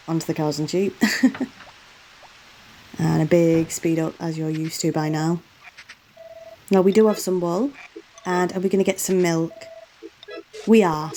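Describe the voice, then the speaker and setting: A woman's voice: lowish voice, warm tone, slight background noise, rough recording. A woman host doing a chatty voiceover for a game playthrough, often exclaiming in exasperation at herself. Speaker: gaming channel host.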